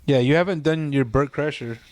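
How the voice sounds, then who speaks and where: A man's voice: on the high side, a little fast, darkish tone. A young man on a podcast in casual crude banter, talking in a laid-back, blunt and joking way. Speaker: podcast co-host.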